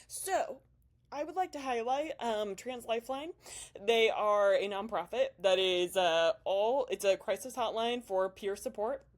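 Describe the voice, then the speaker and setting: A woman's voice: mid-range voice, expressive, unhurried. A young woman hosting her own video blog, talking casually with frequent laughs and an openly emotional, chatty manner. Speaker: bodybuilding vlogger. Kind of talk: casual talking-head commentary.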